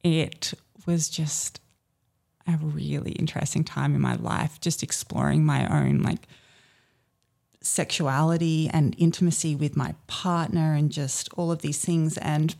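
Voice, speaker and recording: A woman as a podcast guest, telling a personal story in a soft, reflective way with many fillers. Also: sits low, expressive, a little slow, creaky. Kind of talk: personal storytelling in a casual chat.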